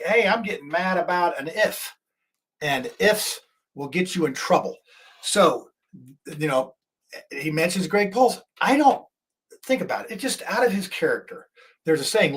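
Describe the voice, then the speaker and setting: A man on a talk show vents about the news in an indignant, rambling way. He keeps restarting his sentences. His voice sits a little high for a man. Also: animated, a little fast, breathy edge. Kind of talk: political commentary.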